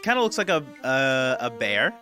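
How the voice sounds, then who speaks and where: Halting, bright-voiced man running a game. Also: mid-range voice, very animated, soft background music. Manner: halting, full of fillers and restarts. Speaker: game master. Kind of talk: narrating a tabletop game.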